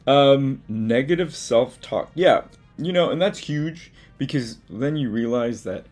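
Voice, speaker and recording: Speaking from his studio over soft background music, a male artist hosts his own video with a mid-range, expressive, slightly slow and darkish voice. He gives a casual motivational talk to camera about habits to drop, frank and sweary, with self-mocking asides.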